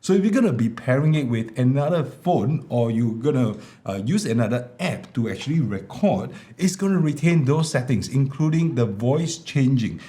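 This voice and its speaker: A man's voice: mid-range voice, moderate pace, few pauses. A man, casually demoing a small wireless mic at home, explaining with lots of fillers. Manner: relaxed explaining with many fillers. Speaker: tech reviewer. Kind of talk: product demo vlog. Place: home room with air conditioner. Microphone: small wireless clip mic.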